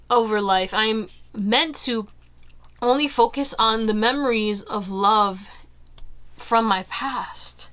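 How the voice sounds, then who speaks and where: A young woman giving a casual pick-a-card tarot reading, chatty and animated, full of fillers and asides to her viewers. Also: a little high, slow pace. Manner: chatty, animated, fillers like "you know" and "y'all". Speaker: tarot reader.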